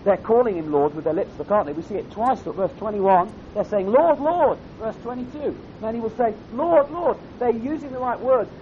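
A man's voice: fairly quick, hardly any pauses. A man preaching a sermon at a camp, earnest and direct, often putting questions to his audience. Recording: dull lo-fi recording with faint rumble.

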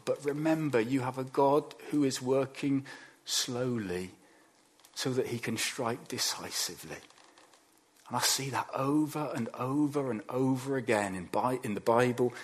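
Husky-voiced man preaching a sermon. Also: medium pitch, moderate pace. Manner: animated, acts out quoted voices, drops to quiet emphasis.

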